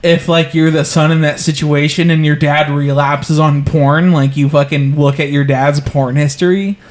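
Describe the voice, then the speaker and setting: A man's voice: fairly high pitch, normal speed. Young man telling crude stories. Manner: crude, animated storytelling with acted-out scenes. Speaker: podcast co-host. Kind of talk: casual chat.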